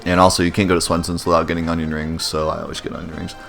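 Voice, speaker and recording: Deep-voiced man rambling over gameplay. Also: flat delivery, very fast, creaky, fairly bright tone, soft background music. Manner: rambling and self-deprecating. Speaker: let's play host. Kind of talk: casual gameplay commentary.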